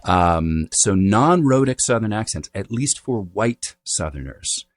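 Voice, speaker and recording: A man's voice: fairly low pitch, expressive, unhurried, dry recording. A middle-aged man, a dialect coach, explaining accents in an interview, demonstrating vowel sounds and checking in with "right?" as he goes.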